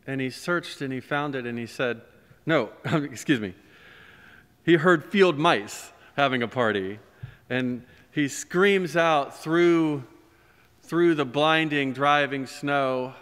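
Smooth-voiced pastor telling a story. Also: male voice, fairly high pitch, slow. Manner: gentle, animated storyteller. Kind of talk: sermon storytelling. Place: church. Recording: long church reverb.

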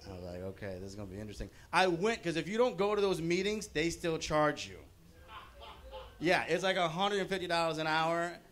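A man's voice: on the high side, a bit bright. A man doing a stand-up comedy set at a bowling-alley showcase, talking loosely with lots of fillers. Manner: loose, chatty delivery with frequent fillers.

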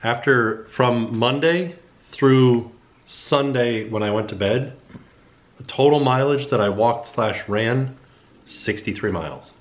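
A man's voice: medium pitch, takes it slowly, muffled recording. Man vlogger, chatty, sore and tired after a long run. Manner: chatty, laughing storyteller. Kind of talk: casual chat.

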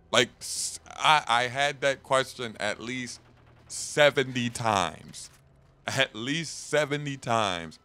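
A young man chatting casually and profanely while playing a video game, rambling and animated. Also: lowish voice, slow. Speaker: gaming streamer. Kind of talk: casual gameplay commentary.

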